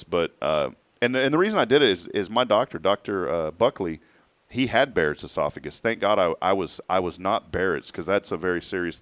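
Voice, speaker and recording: Lower-voiced man telling a lively story. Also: no echo. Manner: animated storyteller who acts out quoted speech. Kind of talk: casual personal story on a talk show.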